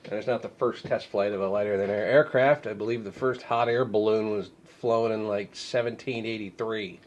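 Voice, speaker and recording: Male host, slightly low voice, blocked-nose sound from a cold, dry sarcastic asides, rambles and clears his throat often. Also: steady tone, normal speed, muffled recording. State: congested from a head cold. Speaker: news commentary host. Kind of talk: casual deadpan news commentary.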